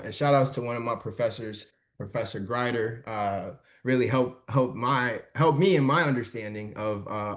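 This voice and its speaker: A young man presenting a casual live workshop over a video call, chatty and informal, checking in with his audience often. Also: mid-range voice.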